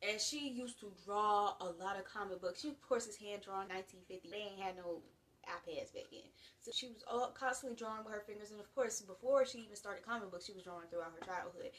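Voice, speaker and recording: A 19-year-old woman from the US gives a casual, slangy to-camera monologue, talking in an animated way with big swings in loudness. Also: medium pitch, fast, recorded from a distance. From United States. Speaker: vlogger.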